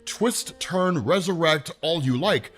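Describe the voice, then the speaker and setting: A man voicing a gloating, godlike male symbiote villain, speaking in a slow, measured taunt. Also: on the high side, animated, a bit bright, soft background music, exaggerated voice.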